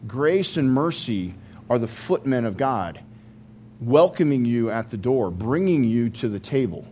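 A man's voice: mid-range voice, expressive, measured pace, warm tone, a little hiss or hum. A man preaching a sermon as pastor, in a conversational way with joking asides, at a church service.

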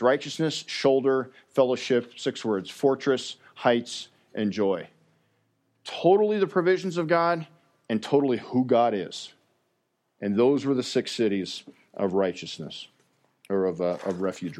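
A man preaching a sermon in an earnest, halting way, often repeating words as he goes. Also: medium pitch, darkish tone.

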